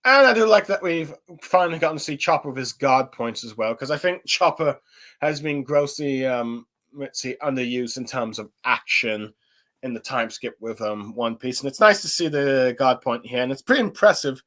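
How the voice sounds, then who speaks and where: A man's voice: medium pitch, expressive, moderate pace, a bit bright. A young man giving a casual spoken review, rambling with lots of fillers and restarts. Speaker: anime and manga reviewer.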